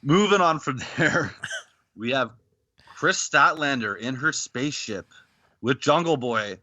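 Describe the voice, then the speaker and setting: A man from Canada hosting a podcast, retelling a wrestling clip in a lively storytelling way with acted-out quotes. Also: medium pitch, measured pace, no echo, lo-fi sound. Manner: animated storytelling, acting out quotes. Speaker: podcast host. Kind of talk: casual podcast recap.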